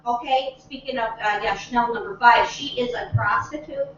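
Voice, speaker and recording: A woman with a fairly high voice tells brassy, bawdy jokes in a comedy sketch. She sounds far from the mic in a very echoey room. The recording is dull and lo-fi, with music playing behind her. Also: normal speed, fairly bright tone, a little hiss or hum. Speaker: comedy workshop performer. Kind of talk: old-lady comedy sketch with song.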